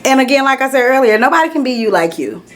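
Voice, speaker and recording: A woman's voice: high voice, sing-song, quick pace. A woman co-hosting a podcast, chatting casually with frequent ums and giggles. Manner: chatty, giggly, repeats filler words. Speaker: podcast co-host.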